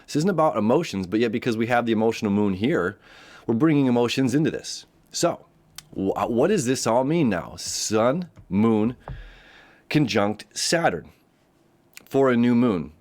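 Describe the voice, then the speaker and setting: A man's voice: medium pitch, animated, normal speed, a little mellow. A man giving a casual spoken astrology forecast, rambling with frequent restarts and acting out quoted voices.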